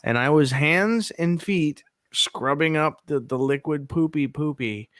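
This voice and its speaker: A man's voice: on the high side, a little slow, fairly bright tone, no echo, clean studio sound. A man in his thirties telling a long rambling story in a casual podcast chat, laughing often. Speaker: podcast co-host.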